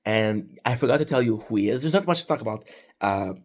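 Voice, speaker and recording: A man's voice: mid-range voice, animated, fast talker. A man talking casually about a figure from his collection, rambling, restarting sentences and swearing freely. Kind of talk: casual rambling talk to camera. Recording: distant mic with noisy room ambience.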